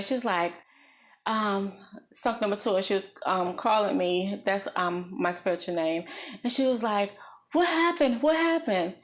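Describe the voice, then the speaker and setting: A woman vlogger recounting a personal experience in an earnest, reflective way, slow and halting with many pauses. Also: medium pitch. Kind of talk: personal storytelling.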